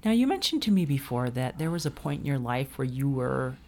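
Gentle interviewer asking questions. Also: medium pitch, sing-song, fairly quick, slight background noise. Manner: gentle, encouraging prompting.

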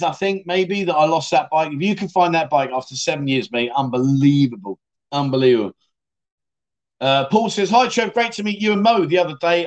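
A middle-aged man hosting a casual livestream, reading out viewer comments with cheeky, self-mocking humour and frequent laughs. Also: fairly high pitch. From United Kingdom. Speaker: livestream host.

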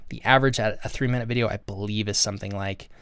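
A man's voice: lowish voice, fairly even intonation, fast talker, a bit bright, clean tone, dry recording. A man hosting his own channel, giving earnest, conversational advice to the camera and often restarting his sentences. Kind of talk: casual talk-to-camera advice.

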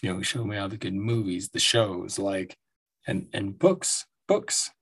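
A man's voice: deep voice, unhurried, a bit bright, slightly rough. A man in his forties hosting his own show, telling stories in a rambling, profane monologue and laughing often. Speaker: podcast host. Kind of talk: casual monologue. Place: at home.

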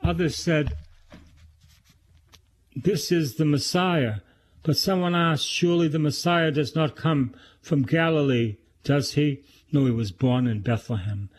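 A male priest reading scripture and adding his own reflective comments. He speaks very slowly and deliberately. His voice sits a little high for a man. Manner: slow, prayerful reading with reflective asides.

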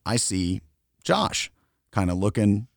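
A man with a very low voice tells a story casually on a podcast, laughing often as he goes. The recording is dry and close. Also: sing-song, takes it slowly, vocal fry, no room sound. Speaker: podcast co-host.

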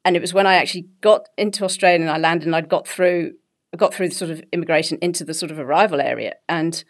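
A middle-aged woman with an English accent talks as an interview guest, her voice sitting a little low. She tells her stories in an animated, conversational way and laughs easily. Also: quick pace. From England. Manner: animated storytelling, laughs often.

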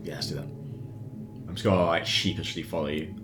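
A man playing a tabletop game in a quiet, easygoing way. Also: low-pitched, steady tone, normal speed, background noise. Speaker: player. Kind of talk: casual tabletop play.

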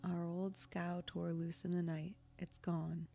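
A woman reading the lines of a gruff but kindly old grandfather in a slow, soft folksy drawl. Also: lowish voice, level tone, soft background music.

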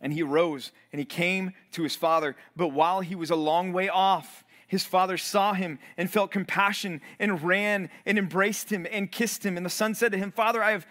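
Animated preacher with a higher-pitched voice. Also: male voice, moderate pace, hardly any pauses. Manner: animated, acts out quoted voices. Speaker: pastor. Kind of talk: sermon.

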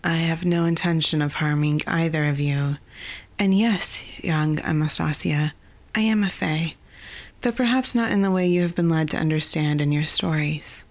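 A woman voicing a tall, stately fae druid woman with a rich timbre, speaking slowly and formally. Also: low voice. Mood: calm, formal. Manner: slow, formal and measured.

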